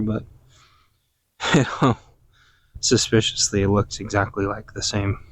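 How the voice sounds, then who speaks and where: A man hosting a casual podcast, musing out loud while working outdoors in his orchard, meandering and sometimes hunting for words. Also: lowish voice, no room sound. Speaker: podcast host. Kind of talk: casual rambling monologue.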